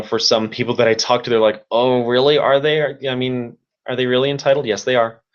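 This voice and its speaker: A man's voice: medium pitch, muffled recording. A man who works as a youth service provider, giving a webinar talk in an earnest, repetitive way and offering practical tips. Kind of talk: webinar presentation.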